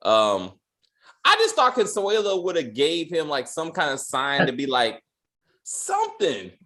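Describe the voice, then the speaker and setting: A man's voice: fairly high pitch, wildly swooping pitch, unhurried, pushed and bright. A man hosting a casual review chat, joking and using loose slang. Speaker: podcast host reviewing a TV episode.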